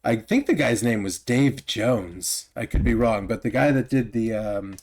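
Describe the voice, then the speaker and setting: A wry man on a podcast who keeps pressing for clear answers. His voice sits at an ordinary pitch, and his talk is dry and quizzical. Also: expressive, a little slow, darkish tone. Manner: wry, asks pointed clarifying questions. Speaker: podcast co-host. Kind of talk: casual podcast chat.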